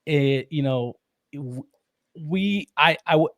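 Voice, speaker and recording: A man in his thirties telling a personal story in casual conversation, animated and laughing often. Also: on the high side, slow pace, gravelly, dry recording. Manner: animated, laughs often, acts out quoted voices. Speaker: podcast guest.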